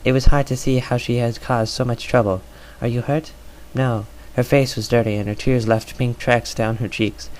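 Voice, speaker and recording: A man's voice: medium pitch, fairly even intonation, normal speed, few pauses, a little hiss or hum, poor audio. A man doing an amateur audiobook reading, stumbling over words and filling gaps with "uh". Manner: stumbling, filler-heavy reading. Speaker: reader.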